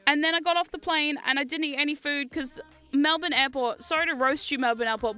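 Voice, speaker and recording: Young female streamer, New Zealand accent, high voice, animated and foul-mouthed, easy laugh. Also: fairly quick, soft background music. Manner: animated, swears freely, laughs often. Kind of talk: casual livestream chat.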